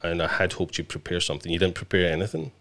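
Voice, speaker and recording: A man's voice: sits low, lively intonation, fast talker, gravelly, a bit bright. A man hosting a live stream, chatting playfully with his guest and greeting viewers. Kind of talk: bantering live stream chat.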